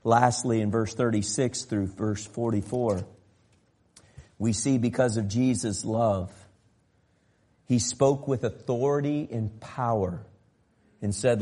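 A man preaching a sermon, swinging from loud emphatic passages to quiet soft ones and acting out the voices of Bible figures. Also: mid-range voice, a little slow. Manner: acts out biblical voices in an exaggerated tone. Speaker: pastor.

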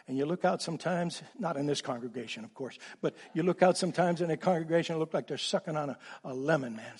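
High-voiced husky preaching pastor man. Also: quick pace, few pauses. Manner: animated preaching with sudden drops to quiet asides. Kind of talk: sermon.

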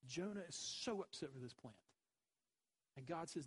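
A man's voice: a little high, animated, moderate pace, pauses often, breathy edge, rough recording. A man preaching a sermon, emphatic, with rhetorical questions and repeated phrases. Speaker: pastor.

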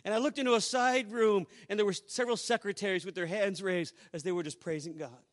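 A man with a high voice, preaching as a pastor. He tells a story to a congregation, dropping to hushed asides and then rising to loud exclamations. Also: steady tone, brisk. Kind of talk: sermon storytelling.

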